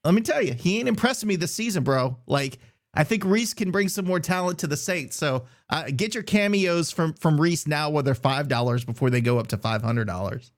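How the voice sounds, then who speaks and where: A man co-hosting a sports podcast in a relaxed, joking way, full of slang and strong opinions. His voice sits slightly high for a man. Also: a little fast. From south Louisiana. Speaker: podcast co-host. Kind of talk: casual sports podcast chat.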